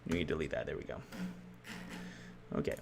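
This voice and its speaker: Streaming his game development, a man rambles and thinks aloud as he codes, frequently revising his words partway through. His voice is extremely low and gravelly, he speaks fairly quickly, and there is background noise.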